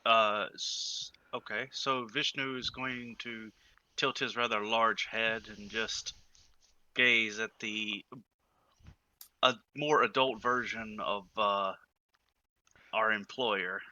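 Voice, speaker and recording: A man playing in a tabletop game, describing his character in a deliberate, halting way. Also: lowish voice, steady tone, sharp tone, dry recording, lo-fi sound. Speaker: player.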